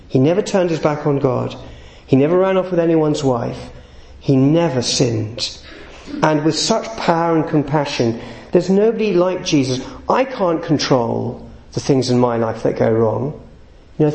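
A man's voice: on the high side, vocal fry, darkish tone, reverberant, poor audio. A man preaching a sermon, earnest and building to emphatic peaks.

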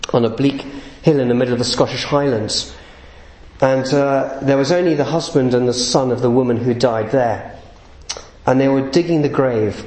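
A man's voice: mid-range voice, darkish tone, roomy sound, poor audio. A man preaching a sermon, earnest and building to emphatic peaks.

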